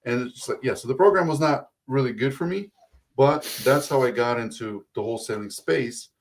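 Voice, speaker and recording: A man in his thirties with an Eastern European accent speaks at a medium pitch and a slightly quick pace. He's a guest in a casual interview, telling his story in a loose, rambling, self-deprecating way.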